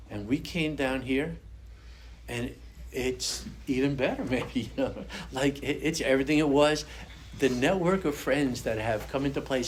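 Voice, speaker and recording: An older man tells his story to a room of listeners in an earnest, conversational way. His voice sits at a middle pitch, and a faint background hiss runs under it. He shares his testimony plainly, from the heart. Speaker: recovery meeting speaker. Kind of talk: personal testimony to a fellowship audience. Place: meeting room with an audience.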